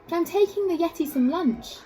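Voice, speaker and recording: A woman voicing an eager young boy explorer who shouts with excitement. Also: very high-pitched, brisk, voice pushed up. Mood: apologetic.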